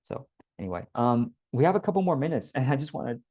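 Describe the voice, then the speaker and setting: A man, a business coach, teaching a workshop in a relaxed conversational way and acting out quoted voices. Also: medium pitch, quick pace, no echo.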